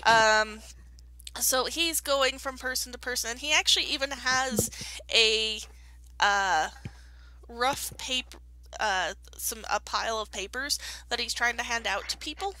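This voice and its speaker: A woman's voice: on the high side, a little slow, pushed and bright, no room sound, low-quality recording. A woman narrating as game master of a tabletop game, chatty and rambling, with many fillers and restarts.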